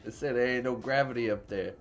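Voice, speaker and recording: A man's voice: medium pitch, quick pace, highs cut off, soft background music, lightly acted. A man voicing a stoned middle-aged uncle who muses lazily.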